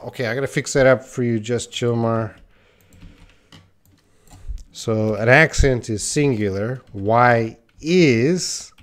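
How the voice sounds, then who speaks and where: A man teaching English on a live stream, reading out viewer questions and answering them bluntly. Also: medium pitch. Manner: reads viewer questions aloud and corrects them, blunt and direct.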